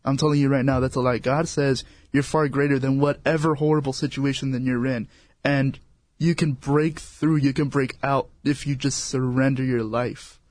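A man's voice: medium pitch, steady tone, moderate pace, a little mellow, no room sound. Earnest encouraging male guest. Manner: earnest, encouraging, repeats words. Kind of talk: faith testimony talk.

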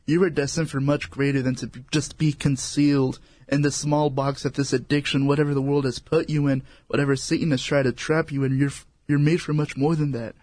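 A man's voice: fairly high pitch, little pitch movement, a little fast, hardly any pauses, darkish tone, no room sound. Earnest encouraging male guest. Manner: earnest, encouraging, repeats words. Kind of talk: faith testimony talk.

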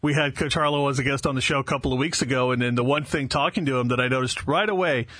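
Quick bright-sounding radio host guy, dry close sound, chatty with lots of "you know". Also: medium pitch, no echo. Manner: fast, chatty, filler-heavy. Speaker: radio sports show host. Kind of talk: radio interview.

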